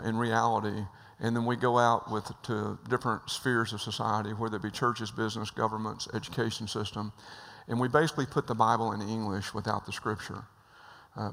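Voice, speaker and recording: A man's voice: lowish voice, gravelly, a bit bright. A man giving a sermon, telling jokes and acting out the voices of people in his stories. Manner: joke-telling, acts out voices, repeats phrases. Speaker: speaker at a church. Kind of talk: sermon with storytelling. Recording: hall reverb.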